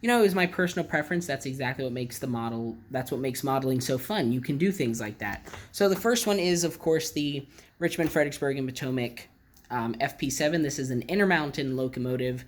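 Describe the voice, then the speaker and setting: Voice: medium pitch, brisk. A model railroad vlogger showing off a collection in a casual, rambling way, with lots of ums and restarts. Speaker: model railroad channel host. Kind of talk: casual show-and-tell vlog.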